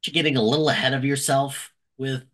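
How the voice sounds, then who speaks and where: A man's voice: medium pitch, fairly quick, fairly bright tone. A man co-hosting a podcast, giving wry, sarcastic remarks in casual chat. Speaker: podcast co-host.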